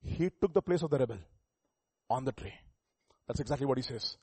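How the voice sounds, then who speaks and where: A man preaching a sermon, emphatic, swinging between loud and soft, asking the listeners rhetorical questions. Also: mid-range voice, animated, a little fast, slightly rough, dry recording. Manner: emphatic, rising and falling volume, rhetorical questions.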